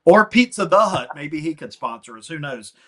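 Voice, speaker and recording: A man's voice: a little high, animated, moderate pace, over a noisy crowd. A middle-aged man co-hosting a casual chat show, easygoing and nostalgic, laughing along. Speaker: podcast co-host.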